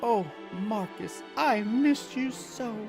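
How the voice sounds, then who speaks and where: A man's voice: very high-pitched, lively intonation, slow, gravelly, pitched above the performer's own voice, exaggerated voice. A man voicing a lovesick young princess in a stage play, with theatrical old-fashioned speech over game music. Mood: pleading.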